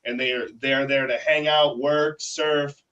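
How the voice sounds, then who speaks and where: A man's voice: mid-range voice, fairly even intonation, unhurried, fairly bright tone, distant mic, lo-fi sound. A man, a wrestler in a tag team, chatting casually and telling stories at length. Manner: talkative storyteller. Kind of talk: casual interview chat.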